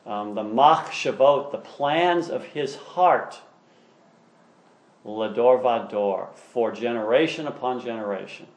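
A man's voice: mid-range voice, slow. Enthusiastic male teacher lecturing a class. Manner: enthusiastic, explanatory, reads passages aloud.

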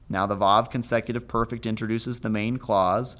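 A man teaching a Hebrew Bible lesson, methodically reading the verses aloud slowly and explaining the grammar. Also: medium pitch, a bit bright.

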